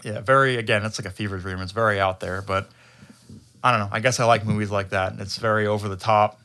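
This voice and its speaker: A man co-hosting a podcast, chatting casually and rambling through profane, animated retellings. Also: fairly low pitch, fast. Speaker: podcast co-host. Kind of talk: casual chat.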